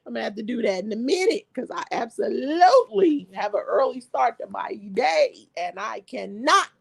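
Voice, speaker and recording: A woman's voice: a little high, sing-song, normal speed, vocal fry, husky, no echo. A woman hosting a live stream, chatting casually and reading viewer comments aloud, laughing often.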